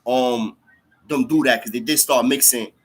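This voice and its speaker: Husky-voiced man telling street stories. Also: mid-range voice, normal speed. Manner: slangy, animated, heavy fillers and profanity. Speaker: storyteller recounting jail time. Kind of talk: casual storytelling.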